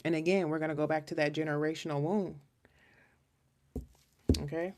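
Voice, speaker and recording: Woman tarot reader on a live stream, low gravelly voice, chatty, earnest and rambling. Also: little pitch movement, moderate pace, pauses often, a little mellow, slight background noise. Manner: chatty and rambling, frequent restarts; earnest and emotional. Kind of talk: casual live-stream reading.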